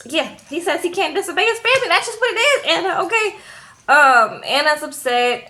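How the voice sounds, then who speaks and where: A woman's voice: a little high, pushed and bright. A woman chatting casually as she recaps a reality show, tagging her sentences with a questioning "okay?".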